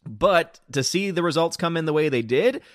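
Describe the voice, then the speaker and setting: A man's voice: fairly high pitch, lively intonation, moderate pace, a bit bright, dry recording, studio quality. A man hosting a live stream, sarcastically greeting viewers and reading chat while fighting a cold.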